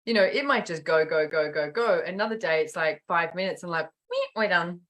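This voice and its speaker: A woman's voice: on the low side, fairly quick. A middle-aged woman, chatting casually as a podcast host and acting out quotes as she tells stories. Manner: animated storytelling with acted-out quotes. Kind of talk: casual chat.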